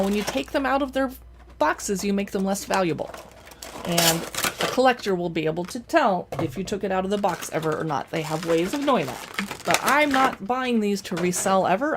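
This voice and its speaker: A woman's voice: mid-range voice, lively intonation, fairly quick, noisy background. A woman hosting a casual show-and-tell, chatting playfully while she handles books and toys. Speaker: host showing books and collectibles. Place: indoors at home in front of a backdrop.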